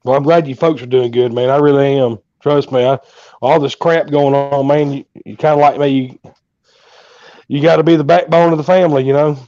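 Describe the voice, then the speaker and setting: A man's voice: mid-range voice, fairly even intonation, a little fast, mellow, dry recording, highs cut off. A man from Georgia with a Southern accent, a guest chatting casually, laid-back and swearing freely. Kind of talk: casual chat.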